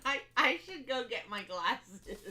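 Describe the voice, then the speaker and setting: A woman's voice: fairly high pitch, big pitch swings, takes it slowly, crowd noise. A woman co-hosting a casual live stream, reading out super chats and laughing often. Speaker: co-host reading donations.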